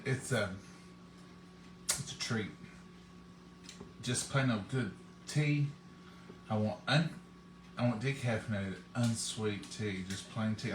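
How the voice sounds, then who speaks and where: A man's voice: on the low side, a bit bright, slight background noise. Chatty man in an echoey kitchen. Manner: homey, folksy, chatty, talks straight to viewers. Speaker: host of a live cooking stream. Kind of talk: casual chat to viewers.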